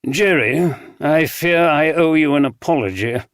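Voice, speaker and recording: A man's voice: fairly high pitch, measured pace, fairly bright tone, no room sound, studio quality, voice pushed up. A male narrator voicing a kind actor who consoles and apologizes to a friend. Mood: kindly. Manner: apologetic, kindly.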